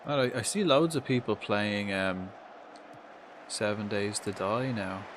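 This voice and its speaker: Low-voiced man streaming a game. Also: unhurried, background noise. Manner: mutters to himself, swears, chats to viewers. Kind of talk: casual live-stream commentary.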